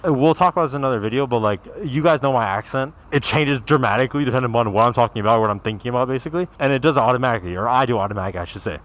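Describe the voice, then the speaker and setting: A young man with a Toronto accent talks straight to his viewers in a loose, rambling rant. He swears freely and speaks bluntly at an ordinary, middling pitch. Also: rapid-fire, hardly any pauses, fairly bright tone. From Canada. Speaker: vlogger. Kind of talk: casual rant to camera.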